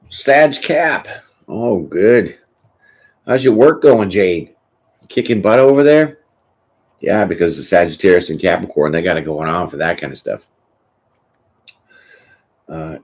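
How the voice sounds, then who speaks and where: A man hosting a tarot channel, chatting casually and rambling through a live question session, often tossing in "you know what I'm saying". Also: deep voice. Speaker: tarot reader host.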